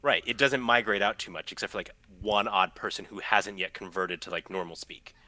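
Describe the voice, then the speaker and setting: A man's voice: fairly low pitch, fairly quick, bright, forceful tone, dry recording. A man filling in as guest co-host on a podcast, making dry, wry jokes in casual chat.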